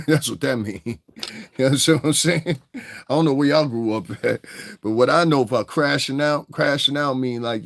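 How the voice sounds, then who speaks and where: A man's voice: mid-range voice, a little fast, creaky, a bit bright, no echo, studio quality. A man hosting a livestream, ranting angrily and combatively with heavy profanity. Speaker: livestream host. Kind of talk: casual livestream rant.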